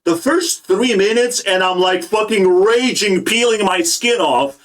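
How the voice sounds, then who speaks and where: A young man delivers a heated, profanity-laced political rant, agitated and scornful as he reacts to what he is watching. His voice sits a little higher than most men's. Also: a little slow, a bit bright. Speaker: political commentator. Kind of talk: ranting reaction commentary.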